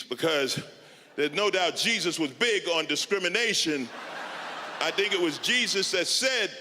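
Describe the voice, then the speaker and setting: Brief: American man, stand-up, very bright piercing tone, high voice, long hall echo. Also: a little hiss or hum. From United States. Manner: loud, exasperated, mock-serious. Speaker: stand-up comedian. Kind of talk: live stand-up set. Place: large comedy venue, crowd present. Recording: live hall with long reverb and crowd.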